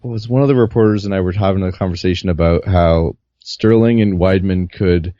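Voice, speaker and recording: A man with a low, dark voice talks through his reporting week in a loose, meandering way, full of "uh"s. The audio is muffled and lo-fi, with a dry sound. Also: a little fast, no room sound. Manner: relaxed, rambling with many fillers. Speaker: guest reporter. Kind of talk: casual podcast recap.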